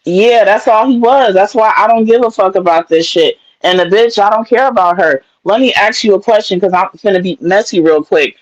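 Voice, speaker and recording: A woman's voice: medium pitch, brisk, hardly any pauses, no echo, dull audio. A woman guest on a livestream, telling stories bluntly and cursing freely. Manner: blunt and profane storytelling. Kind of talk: casual gossip chat.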